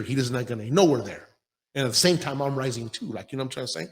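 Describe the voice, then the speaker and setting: A man's voice: mid-range voice, big pitch swings, quick pace. A man in his forties hosting a podcast, talking in a blunt, profane, rambling and intense way in a casual motivational monologue. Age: 40s. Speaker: podcast host and gym owner.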